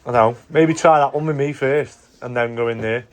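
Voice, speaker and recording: Speaking briskly in a mid-range voice, this man runs a building company and vlogs casually from the job site. He trades jokes with his workers and laughs often.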